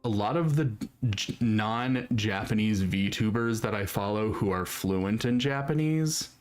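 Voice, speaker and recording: Guy streaming a game, lowish voice, rambly casual chat, laughs a lot. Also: a little slow. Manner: chatty and rambling, laughs easily. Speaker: streamer playing a video game. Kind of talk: casual chat while gaming.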